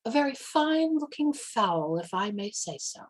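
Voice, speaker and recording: A woman's voice: on the high side, sing-song, normal speed. A woman voicing an exceedingly polite, formal male pig in a children's story. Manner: formal, stately, ceremonious.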